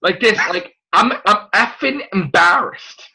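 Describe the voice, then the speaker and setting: Brief: New man, host, animated profane rants, bright lively voice, big swings in pitch. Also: unhurried, poor audio. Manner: excitable, profane ranting. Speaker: show host. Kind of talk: casual podcast chat.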